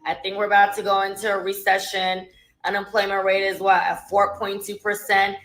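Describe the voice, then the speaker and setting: A woman's voice: medium pitch, completely flat delivery, normal speed, a bit bright. A woman giving dismissive, exasperated political commentary. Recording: echoey room with music under.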